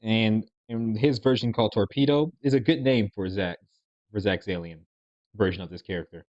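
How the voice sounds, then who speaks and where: A man's voice: on the low side, moderate pace, darkish tone, no echo. A man casually commenting on videos, rambling and hesitant with many restarts. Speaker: reaction video host. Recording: dry, dull lo-fi sound.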